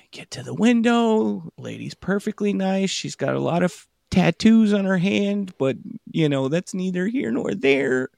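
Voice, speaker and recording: High-pitched dude rambling thru a dumb story on a podcast, lots of stops and restarts, dry close mic. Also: male voice, animated, creaky, a little mellow, dry recording. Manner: rambling, halting, self-interrupting. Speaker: podcast co-host. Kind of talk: casual comedic storytelling.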